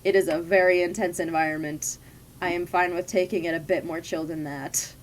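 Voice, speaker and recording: A woman's voice: lowish voice, fairly even intonation, a little fast, a little hiss or hum. A young adult woman streamer chatting casually and rambling through stories from her past jobs while she plays. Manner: rambling, chatty storytelling with frequent laughs. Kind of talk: casual chat while gaming.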